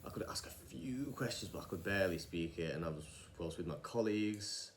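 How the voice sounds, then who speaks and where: A young man talks through his story in a loose, podcast-style monologue. His voice sits a little low, and he drifts into tangents and restarts his sentences as he goes. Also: expressive, a little fast, a little hiss or hum. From England. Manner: rambling, digressive, many restarts and fillers. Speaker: vlogger.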